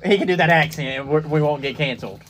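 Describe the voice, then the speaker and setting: Brief: male co-host, light joking asides, slightly higher voice. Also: fast talker, a bit bright, a little hiss or hum. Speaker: podcast co-host. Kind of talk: casual chat.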